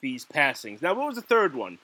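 A man's voice: medium pitch, big pitch swings, fairly quick, bright, forceful tone, husky, no room sound. A man co-hosting a casual podcast chat, rambling with lots of fillers and fits of giggles. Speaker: podcast co-host.

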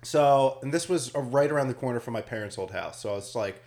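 A man's voice: mid-range voice, darkish tone. A young man, a stand-up comedian, chatting casually, giggly and swearing often as he talks. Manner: giggly, swearing, quick to laugh. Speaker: stand-up comedian, podcast co-host. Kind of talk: casual chat.

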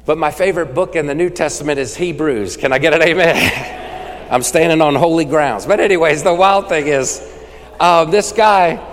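A man preaching a sermon, rattling off lists fast and calling for responses from the congregation. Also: fairly high pitch, in a large hall, a little hiss or hum. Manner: rapid-fire, call-and-response with the crowd. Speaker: evangelist preacher.

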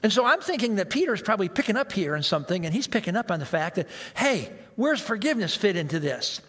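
A man's voice: high-pitched, big pitch swings, fast talker, fairly bright tone, long reverb tail. A male pastor preaching a sermon in a conversational way, asking the congregation rhetorical questions.

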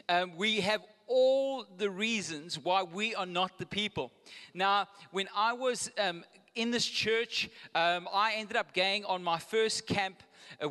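A man's voice: sits high, bright, forceful tone. A man preaching a live sermon in a conversational way, with joking asides and restarts. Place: church auditorium. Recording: long hall reverb, live.

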